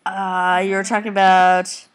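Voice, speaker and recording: A woman's voice: medium pitch, little pitch movement, a little slow, clear, resonant tone. Teen girl vlogger, rambling and giggly, lying on a home couch, close webcam. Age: teens. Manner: rambling, giggly, talks to viewers and family off camera. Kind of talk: casual chatty video reply.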